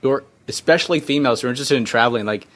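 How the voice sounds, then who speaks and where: A man's voice: medium pitch, racing, a bit bright. A man with a mid-range voice hosts a podcast interview. He asks questions in an easygoing, curious way and often stops to correct himself. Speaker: podcast host. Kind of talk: casual interview chat.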